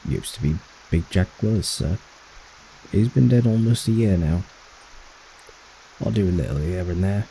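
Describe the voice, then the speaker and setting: A deferential old gardener in a game, gruff and respectful toward his master, as a man puts him on. His voice sits very deep, gravelly and dark. He speaks as a servant with a bad back. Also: lively intonation, normal speed, long pauses, a little hiss or hum, rough recording. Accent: attempted British accent.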